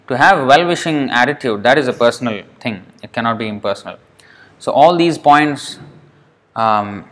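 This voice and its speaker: A man's voice: mid-range voice, a bit bright. Man teaching a scripture class. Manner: reads a passage aloud, then explains it with rhetorical questions.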